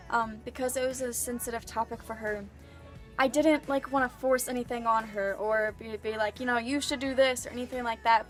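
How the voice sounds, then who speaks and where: A young woman vlogger telling a personal story in a chatty, earnest way, full of filler words. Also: on the high side. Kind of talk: casual storytelling.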